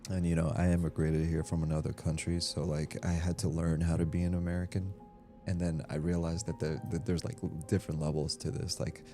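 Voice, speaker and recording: Over game music, a man streaming a game talks a little fast in a deep voice with little pitch movement. He rambles casually, reads chat out loud, and laughs easily.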